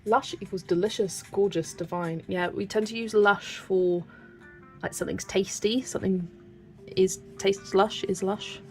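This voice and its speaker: A woman's voice: medium pitch, steady tone, unhurried, faint music behind. A young British woman with a British accent, chatting casually and giggling while she colours on a livestream and reads out viewer comments. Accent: British English. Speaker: colouring channel host.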